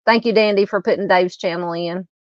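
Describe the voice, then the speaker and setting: A woman's voice: medium pitch, steady tone, fairly quick, no room sound, dull audio. Chatty Southern woman live-streaming. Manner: chatty, many fillers and restarts. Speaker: true crime channel host. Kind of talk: casual live stream chat reading comments.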